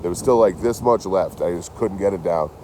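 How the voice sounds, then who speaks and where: A man chatting casually to his livestream chat outdoors, telling stories in an animated, swearing way. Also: deep voice, brisk, slight background noise, rough recording. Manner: animated, swears a lot, talks to chat by name.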